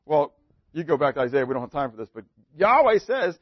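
A man preaching a sermon, asking his listeners questions and answering them himself, swinging from emphatic to very soft and low. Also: very animated, a little fast, slightly rough, no room sound, lo-fi sound.

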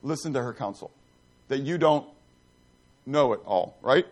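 A pastor preaching a conversational sermon in church, asking the congregation questions and breaking off into asides with many restarts. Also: male voice, medium pitch, animated, unhurried.

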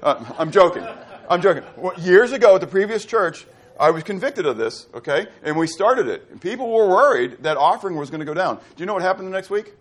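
A man's voice: sits high, animated, fast. A middle-aged man from Pittsburgh preaching a sermon as pastor, quizzing his congregation with fill-in-the-blank questions. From Pittsburgh, USA.

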